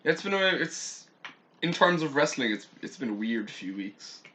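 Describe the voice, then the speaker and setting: Bright-voiced young Irish man, teasing. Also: a little high, big pitch swings, normal speed. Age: young adult. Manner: teasing, laughing, hesitant fillers. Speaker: podcast co-host. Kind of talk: casual chat.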